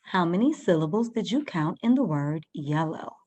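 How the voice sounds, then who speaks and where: A woman's voice: lowish voice, lively intonation, normal speed, darkish tone. A woman teaching a first-grade reading lesson, patiently sounding out words and guiding young children step by step.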